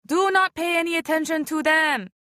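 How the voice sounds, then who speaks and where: A fishing-boat woman, firm with her crew and soft with a frightened child, as a woman narrator puts her on. She talks slowly and deliberately in a raised, bright storybook voice. The sound is close and dry. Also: fairly high pitch, no room sound, lightly acted. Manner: scolding then coaxing, slow and deliberate. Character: kindly adult fishing-boat woman, firm but gentle.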